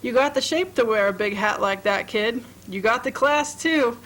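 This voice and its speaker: A woman's voice: a little high, normal speed, a bit bright, poor audio. A woman voicing a chatty young waitress friend who talks in easygoing folksy slang.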